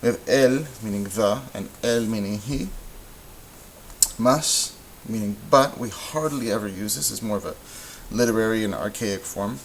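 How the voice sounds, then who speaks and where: A man teaching a recorded Spanish grammar lesson, explaining in a relaxed way with lots of ums and uhs. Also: lowish voice, normal speed, rough recording. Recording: faint hiss.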